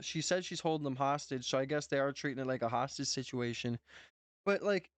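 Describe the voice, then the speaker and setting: A man's voice: on the high side, clear, resonant tone, dry recording. A man with a North Dakota accent, a streamer giving loose, profane reaction commentary full of "bro" and "man".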